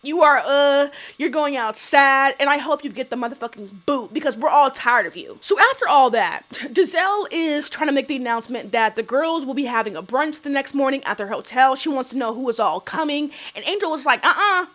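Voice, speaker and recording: A woman's voice: high voice, expressive, fairly quick, hardly any pauses, a bit bright. A woman hosting a casual TV recap vlog, blunt, sassy and profane, with mocking put-on voices. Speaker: YouTube recap host.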